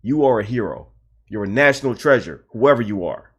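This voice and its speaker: A livestream host with a medium-pitched, slightly rough voice rants casually about a video game. He speaks briskly with lively intonation, sounding heated and repetitive and swearing often.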